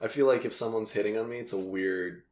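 A man with a fairly low voice chats casually as a comedian, laughing often as he tells his stories. The sound is roomy and echoing. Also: quick pace, a little mellow. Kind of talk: casual chat.

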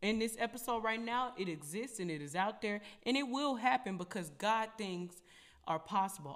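Lively woman preaching to her listeners. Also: mid-range voice. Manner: animated, preachy, addresses listeners as y'all. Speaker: podcast host. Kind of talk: casual faith talk.

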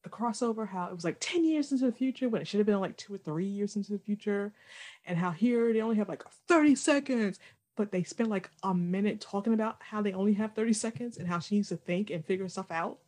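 A young adult woman co-hosting a podcast in casual chat, talking loosely with lots of fillers and quick laughs. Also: mid-range voice, darkish tone. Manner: chatty, fillers like "like", laughs easily. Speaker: podcast co-host.

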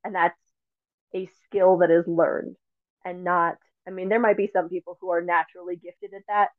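A woman's voice: fairly low pitch, little pitch movement, normal speed, no room sound. A woman hosting a podcast, talking in an earnest, reflective way with plenty of casual fillers. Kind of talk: casual conversation. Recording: tinny phone-like line, dry.

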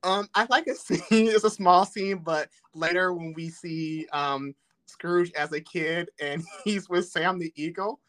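A man's voice: sits high, steady tone, a little slow, fairly bright tone. A man joining a podcast as a guest, speaking hesitantly and laughing through his story. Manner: hesitant, laughs while talking. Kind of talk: casual chat.

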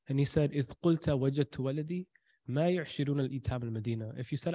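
A man's voice: medium pitch, rapid-fire, warm tone, no room sound. A man giving a sermon, retelling a story with quoted dialogue and repeated lines for emphasis. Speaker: preacher.

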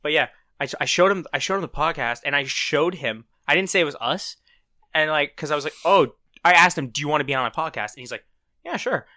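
Young guy cohosting a podcast, talks fast, bright voice, animated storytelling. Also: fairly high pitch. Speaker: podcast co-host. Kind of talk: casual chat.

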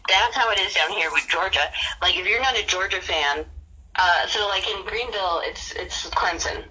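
A woman's voice: medium pitch, normal speed, pushed and bright, a little hiss or hum, poor audio. A woman from the American South with a Southern accent, chatting on a podcast as a guest in a rambling, giggly, teasing way. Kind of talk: casual chat.

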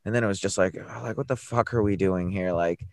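A man's voice: sits low, fairly quick, a little mellow, no echo. Guy hosting a chill podcast, talks loose and slangy, says dog a lot, dry close sound. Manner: loose, slangy, keeps saying "dog" and "bro". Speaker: podcast host. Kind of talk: casual podcast chat.

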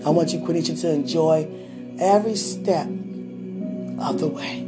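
A woman's voice: low-pitched, unhurried, loud music behind the voice. A woman sharing a personal devotional message with a loved one, speaking fervently and prayerfully and calling out to God.

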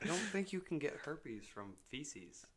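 A man's voice: fairly high pitch, big pitch swings, measured pace. Young dude arguing w his friends, crowd noise in the back. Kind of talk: casual chat.

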